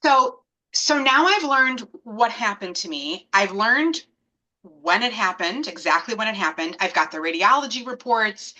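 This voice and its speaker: A woman in her thirties telling a personal story as an interview guest, animated and acting out the voices of people she quotes. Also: fairly high pitch, a little slow, low-quality recording.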